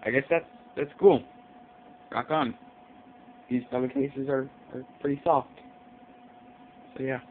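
This vlogger talks from his bedroom in a gravelly, medium-pitched voice, unhurried and broken by long pauses. He rambles profanely and hops between topics, cursing nonstop. The sound is tinny, lo-fi, and faintly hissy.

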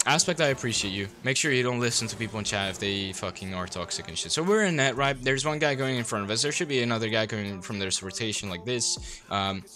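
A man's voice: medium pitch, expressive, fairly quick, pushed and bright, soft background music. A young man coaching a player through a game replay, blunt, sarcastic and full of swearing.

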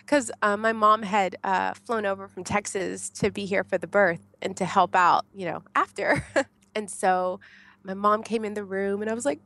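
An American woman tells her story in casual, lively conversation at a mid-range pitch. She laughs often and acts out her own past shouts. Her voice sounds close and dry, with no room echo. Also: normal speed, vocal fry. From United States. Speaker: podcast guest telling her birth story.

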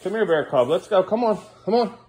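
A man's voice: high-pitched, expressive, fairly quick, darkish tone, slightly rough, soft background music. A father filming a home vlog, firmly repeating short commands to his child as he tidies up indoors. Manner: firm, repetitive commands to a child. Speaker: father and vlogger.

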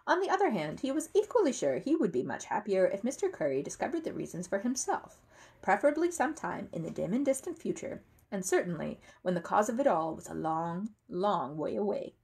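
A woman reads a children's story aloud with a lively, rising and falling melody. Her tone is slightly husky and breathy. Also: mid-range voice, fairly quick. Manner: expressive, animated. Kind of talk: reading a children's book aloud.

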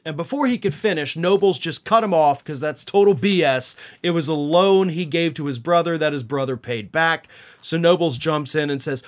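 A man's voice: a little high, normal speed. A man delivering a political commentary monologue in an indignant, sarcastic and scornful tone.

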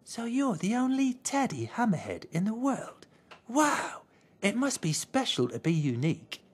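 A storyteller putting on a small, shy young teddy bear who asks soft, wondering questions. His voice sits high and gentle in a storybook read-aloud. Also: wildly swooping pitch, measured pace, husky, full character voice. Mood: timid. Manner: timid and wondering.

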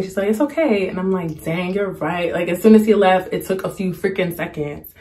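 A young woman chatting casually to the camera, telling a story and acting out the quotes in a higher voice. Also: normal speed, darkish tone. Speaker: storytime vlogger.

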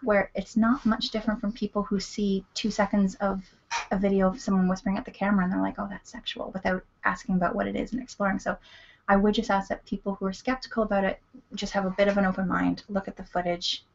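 Canadian woman filmmaker, husky with vocal fry, level and flat delivery, earnest, dull lo-fi stream sound. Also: mid-range voice, fast. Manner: earnest, explanatory, drifts into whispers. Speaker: documentary filmmaker guest. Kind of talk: casual chat.

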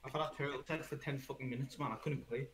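A man's voice: mid-range voice, fairly even intonation, quick pace. A man chatting casually with friends while gaming, telling a rambling, profane story and checking in with "okay?" and "right?" as he goes. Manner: rambling, sweary storyteller who keeps adding "okay?" and "right?". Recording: noisy line with clicks.

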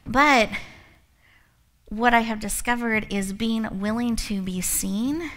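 An event host and speaker with a fairly high voice talks slowly through a motivational speech. She's an animated storyteller who shares personal anecdotes and laughs often.

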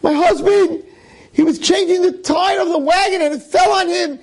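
A man voicing a frantic woman pleading for help for her trapped husband, high and urgent. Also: moderate pace, vocal fry, low-quality recording. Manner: high-pitched, screaming for help.

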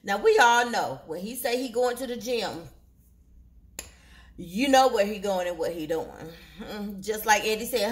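A woman hosting a casual TV episode recap, telling the story in an animated way and acting out the characters' lines. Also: mid-range voice, brisk. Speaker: recap show host.

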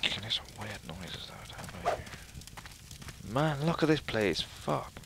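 A man with a lowish, creaky voice speaks slowly in a sing-song way, with background noise behind him. As a let's play host running through a horror game, he offers profane, sarcastic commentary and tosses in jokes on the side.

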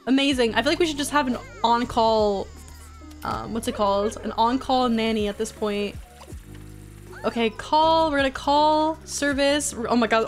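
A young woman with a fairly high voice streams a life-sim game, chatting casually to her viewers. She sounds exasperated at times and pleads with her characters, while soft music plays faintly behind her. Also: normal speed.

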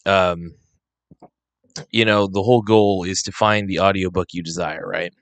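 A man talking casually to his viewers into a close microphone, rambling with fillers and restarts, a little hoarse and coughing now and then. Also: low-pitched, steady tone, a little slow, a bit bright, dry recording. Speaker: vlogger. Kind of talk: casual unscripted talk to camera. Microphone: close handheld microphone.

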